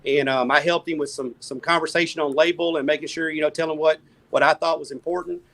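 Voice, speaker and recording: A man's voice: on the high side, steady tone, fast, fairly bright tone. A man who owns a barbecue store, chatting as a guest in an easygoing, folksy way. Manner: easygoing, folksy, searching for words. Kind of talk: casual chat.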